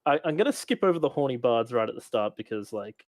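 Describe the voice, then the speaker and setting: A man's voice: mid-range voice, lively intonation, fast talker, a little mellow, no room sound. A man casually recapping the last session of a tabletop game, rambling with many fillers and laughs. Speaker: game master.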